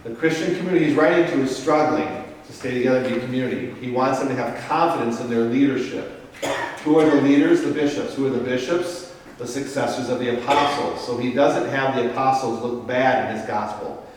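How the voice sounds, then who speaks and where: Speaking fairly quickly in a medium pitch, a parish priest guides his Bible study group step by step, casually checking in with "Okay?" along the way. The echoey parish meeting room recording is distant, with slight background noise.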